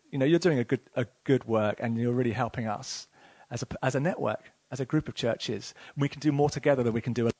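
Enthusiastic pastor, fairly high voice. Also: male voice. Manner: enthusiastic, emotional, conversational with many fillers. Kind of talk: sermon.

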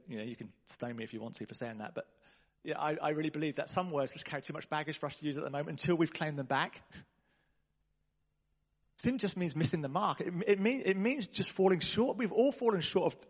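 A man preaching a sermon in a church, talking in a conversational, animated way and calling out to the congregation. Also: fairly high pitch, brisk, slightly rough, muffled recording.

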